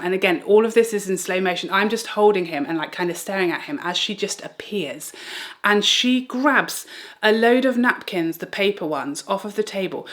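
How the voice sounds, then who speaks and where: A young woman spins a personal story for her viewers in a lively, dramatic way. She laughs as she goes and keeps a conversational vlogger's tone, with a voice sitting in a middle register. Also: mid-range voice. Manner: animated, dramatic, laughs while telling. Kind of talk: storytelling chat.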